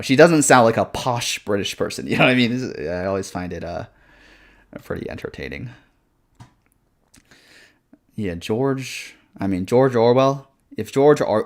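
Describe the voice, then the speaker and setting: A young man streaming a video game and chatting casually with viewers in a loose, slangy way, cursing often and calling people bro. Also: fairly low pitch. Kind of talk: casual gaming stream chat.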